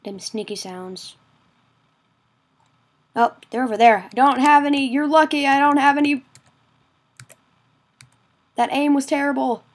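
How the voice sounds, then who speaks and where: A woman giving casual gameplay commentary, excitable and quick to exclaim, often mocking herself. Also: high voice. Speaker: gaming video creator.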